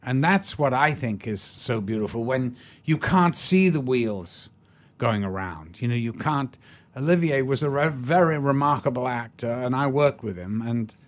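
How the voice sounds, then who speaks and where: A man's voice: medium pitch, lively intonation, normal speed. An older man, an actor guest telling stories in a rambling way, full of restarts. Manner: rambling with many restarts, amused. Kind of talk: casual anecdote in an interview.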